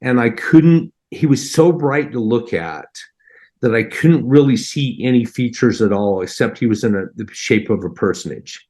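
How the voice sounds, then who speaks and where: A man's voice: mid-range voice, lively intonation, moderate pace, darkish tone. A man earnestly recounting a personal near-death experience in a heartfelt, conversational way, acting out his own reactions.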